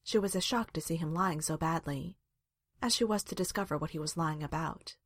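A woman reading a romance story aloud with measured, expressive narration. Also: sits low, dry recording. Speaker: fan fiction reader.

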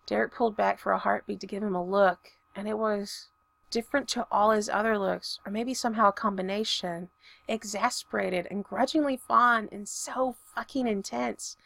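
A woman narrates fiction in a steady, even reading voice. Her tone carries some vocal fry, and the recording is dry and close. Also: medium pitch, moderate pace, no echo.

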